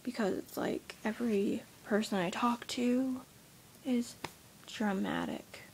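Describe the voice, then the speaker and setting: Tired young woman ranting to her vlog, soft half whisper, kinda gravelly, slow. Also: on the high side, sing-song, a little hiss or hum. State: tired with a headache. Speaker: vlogger. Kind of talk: casual rant to camera.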